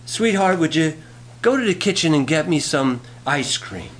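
A man's voice: fairly high pitch, very animated, moderate pace, fairly bright tone, pitched above the performer's own voice. A man voicing an elderly forgetful wife who keeps nagging her husband, in a raised, insistent voice during a sermon joke.

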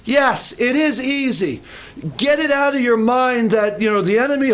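An older man preaching a sermon, telling a story with animated, acted-out voices. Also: extremely high pitch, moderate pace. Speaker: pastor.

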